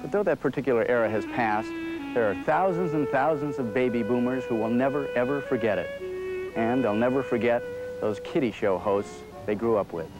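A man giving measured, reflective scripted narration for a documentary. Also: medium pitch, loud music behind the voice, rough recording.

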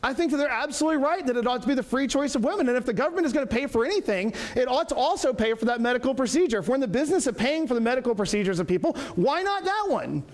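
Fast-talking man lecturing. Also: very high-pitched, lively intonation. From Georgia, USA. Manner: folksy storytelling, emphatic. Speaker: apologetics speaker. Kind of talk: public lecture. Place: lecture hall.

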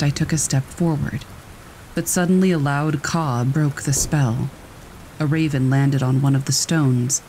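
A man calmly reading a scripted scary story aloud. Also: medium pitch, a little hiss or hum, rough recording. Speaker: story narrator. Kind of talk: scripted horror story narration.

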